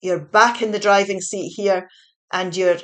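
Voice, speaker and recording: A woman's voice: medium pitch, fairly even intonation, unhurried, fairly bright tone. A woman giving a spoken tarot reading in a chatty, reassuring way, now and then correcting herself mid-sentence. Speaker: tarot reader.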